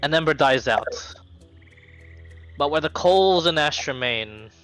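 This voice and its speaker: A man's voice: on the high side, lively intonation, measured pace, a bit bright, faint music behind, rough recording. A man narrating as game master of a tabletop game, rambling with many ums and restarts.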